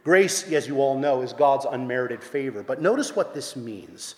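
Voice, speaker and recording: A man preaching a sermon, earnest, rising to loud emphasis and dropping to hushed tones. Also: medium pitch, animated, moderate pace. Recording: echoey hall with long reverb.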